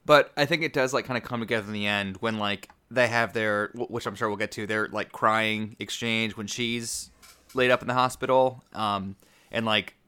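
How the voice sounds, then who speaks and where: A man's voice: lowish voice, fairly even intonation, moderate pace, pushed and bright, clean tone. A man in a casual film discussion, thoughtful and hedging his opinions. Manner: thoughtful, hedging, many "like" fillers.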